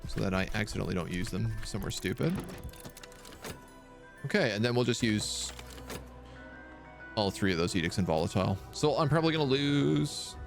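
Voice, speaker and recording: A man's voice: on the low side, animated, normal speed, gravelly, pauses often, soft background music. A man streaming a game live, thinking aloud and muttering over his choices. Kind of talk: live gameplay commentary.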